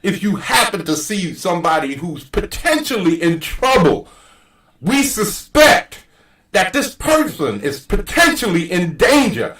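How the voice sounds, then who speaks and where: A male host delivers a heated, profane, argumentative rant in a casual style. His voice runs fairly high for a man and sounds somewhat distant from the microphone. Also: fairly bright tone, roomy sound. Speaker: channel host.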